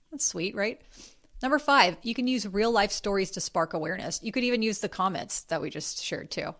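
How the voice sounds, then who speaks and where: A woman's voice: medium pitch, lively intonation, normal speed, fairly bright tone. A woman hosting a podcast, talking in an earnest, chatty way with friendly asides. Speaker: podcast host. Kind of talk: casual podcast talk.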